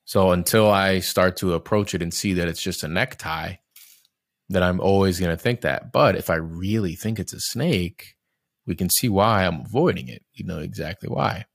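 Deep-voiced man, reflective and candid. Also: normal speed, gravelly, no room sound, studio quality. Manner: reflective, candid, loose and searching with frequent restarts; swears casually. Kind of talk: casual podcast conversation.

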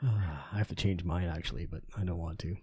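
A man hosting a podcast, telling stories in a lively, casual way with swearing and laughter. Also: sits low, fairly quick, slightly rough, no echo, studio quality. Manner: animated, swearing, laughing storyteller. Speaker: podcast host. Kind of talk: casual chat.

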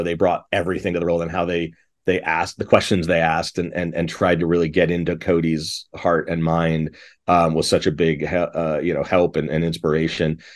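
As an interview guest, a middle-aged composer and director with a very deep voice talks casually. He gets eagerly caught up in his story, rambling and restarting his sentences again and again.

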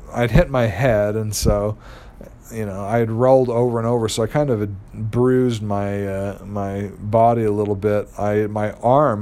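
A man's voice: lowish voice, darkish tone. A young man casually telling a personal story, rambling with many fillers and restarts.

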